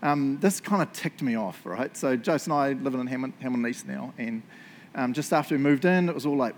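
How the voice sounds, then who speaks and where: A man's voice: medium pitch, a little fast, slight background noise. A man, a youth church leader giving a casual, chatty teaching talk full of asides and fillers.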